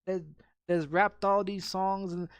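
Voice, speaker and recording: A man's voice: sits high, flat delivery, slow pace, clean tone, no room sound. Profane rambling male game streamer. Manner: profane, rambling, heavy restarts and repeats. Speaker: gaming streamer. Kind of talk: casual rant while streaming.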